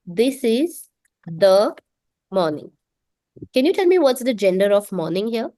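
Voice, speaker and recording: A woman teaching French in an online class, explaining things patiently and repeating words slowly so that students can say them after her. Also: mid-range voice, sing-song, mellow, no room sound. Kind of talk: online language lesson.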